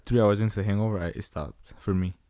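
A young man in casual chat with a friend, relaxed and slangy, adding short comments. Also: on the low side, fast talker, no room sound, clean studio sound. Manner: relaxed, slangy, chiming in briefly.

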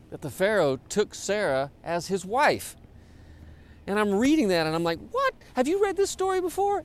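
A man, a pastor, preaching a sermon in a conversational, informal way, with many fillers and repeated words. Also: medium pitch.

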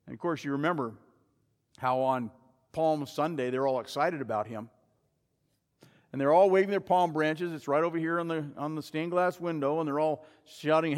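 High-voiced pastor preaching dramatically. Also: male voice, expressive, normal speed, pauses often, in a large hall. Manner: dramatic, acts out crowd voices, asks rhetorical questions. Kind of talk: sermon. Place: church sanctuary.

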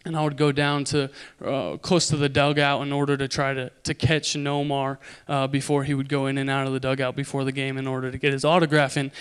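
A young man from Idaho preaching a sermon, telling a story with animated, loud impressions. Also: mid-range voice, brisk, hardly any pauses, clear, resonant tone.

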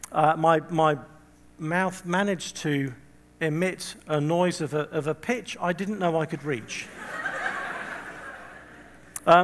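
A man's voice: a little high, big-room sound. A man preaching a sermon in a conversational way, telling stories with humorous, self-deprecating asides and acting out quoted voices.

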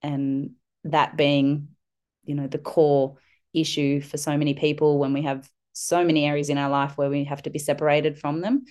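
A woman's voice: low voice, flat delivery, moderate pace, darkish tone. A middle-aged woman, a podcast guest and parenting mentor, telling an earnest story with frequent fillers and restarts. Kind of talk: reflective conversational storytelling.

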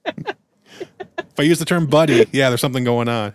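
A man's voice: a little slow, pauses often, no room sound. A young man co-hosting a podcast, telling a story in casual chat and acting out quotes in a raised voice. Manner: animated storyteller, acts out quotes in a high voice. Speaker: podcast co-host.

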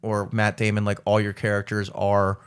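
A man's voice: fairly low pitch, moderate pace, clear, resonant tone. Profane, rambling male podcast host. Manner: profane, animated storytelling with many fillers. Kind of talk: casual chat.

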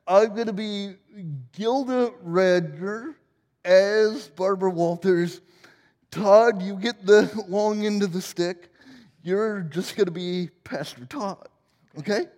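A man's voice: high voice, slow pace, darkish tone, big-room sound. A man in his forties preaching a sermon in a church, joking and self-deprecating as he tells stories. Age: 40s. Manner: humorous, self-deprecating storytelling. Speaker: pastor. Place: church sanctuary.

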